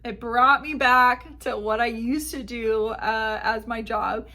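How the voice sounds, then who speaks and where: A woman's voice: fairly high pitch, fairly even intonation, slow, pushed and bright. A woman hosting a podcast, telling a travel story in casual chat and acting out the exchanges she quotes. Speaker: podcast host.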